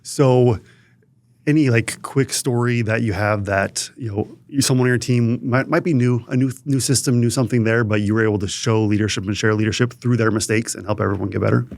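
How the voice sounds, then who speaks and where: A man's voice: mid-range voice, fairly even intonation, fairly quick, creaky, a little mellow. A man hosting a podcast, asking long, meandering questions with many restarts. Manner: rambling, restarts mid-question. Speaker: podcast host. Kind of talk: interview questions.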